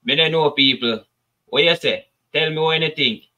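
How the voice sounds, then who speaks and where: A man's voice: on the high side, normal speed, highs cut off, noisy background. A man with a Jamaican accent hosting casual commentary, chatting to his viewers in patois. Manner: chatty, addresses viewers as people, patois asides. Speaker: commentary channel host.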